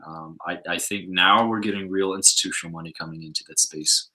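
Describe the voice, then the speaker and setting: A man's voice: deep voice, steady tone, brisk, bright, forceful tone, rough recording. A man casually chatting on a livestream, answering viewer questions in a laid-back, rambling way. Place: home livestream setup.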